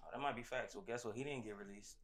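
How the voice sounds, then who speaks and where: A man in casual banter with friends, tossing in quick wry interjections and laughing often. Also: medium pitch, a bit bright.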